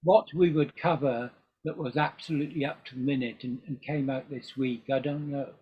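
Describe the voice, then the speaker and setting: A man's voice: mid-range voice, fairly even intonation, normal speed, husky. An older man chatting as a guest in an interview, talking in a rambling way with frequent ums and restarts. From England. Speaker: guest musician. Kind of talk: casual interview chat. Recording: dull lo-fi recording.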